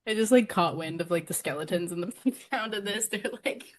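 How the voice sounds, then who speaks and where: A woman's voice: lowish voice, fairly quick, no echo. A young woman co-hosting a podcast in casual chat, telling candid stories full of "like" and acting out what others said. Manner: candid storytelling, many "like"s, mimics others in quotes. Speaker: podcast co-host.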